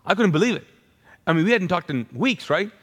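A male preacher telling a personal conversion story in a conversational, animated sermon style, with frequent restarts. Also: sits high, fairly quick, long reverb tail.

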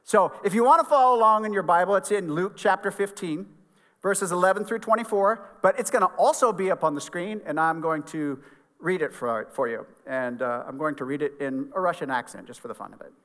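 A man's voice: high voice, fairly quick, a bit bright. Man preaching in a reverberant hall. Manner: conversational, earnest storytelling. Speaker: pastor. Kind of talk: sermon. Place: church sanctuary.

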